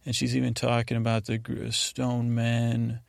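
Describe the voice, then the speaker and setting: Male podcast host, flat gravelly delivery, meandering sleepy recap, dry close sound. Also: medium pitch, no echo. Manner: meandering, halting, full of fillers; paraphrases scenes in casual voices.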